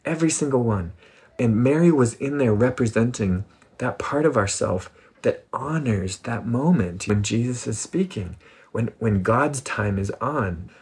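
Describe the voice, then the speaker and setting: A man giving a casual spiritual talk in an animated, playful way, often laughing. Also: medium pitch, a little slow, breathy edge. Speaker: spiritual speaker.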